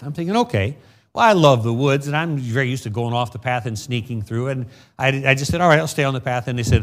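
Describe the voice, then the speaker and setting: A man's voice: medium pitch, expressive. Middle-aged male pastor telling folksy stories. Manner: reads scripture slowly, then tells folksy personal stories. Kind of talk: sermon.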